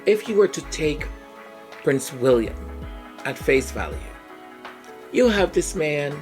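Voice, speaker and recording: A podcast host giving casual personal commentary in an animated way, acting out quoted lines and dropping into quiet asides. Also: medium pitch.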